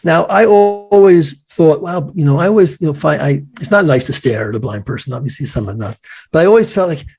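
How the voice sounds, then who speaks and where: A man in his forties tells a personal story to an interviewer. His voice is gravelly and husky, with a dark, mellow tone. He speaks earnestly and often stops to restart his sentences. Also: on the high side, lively intonation, fast. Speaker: interview guest.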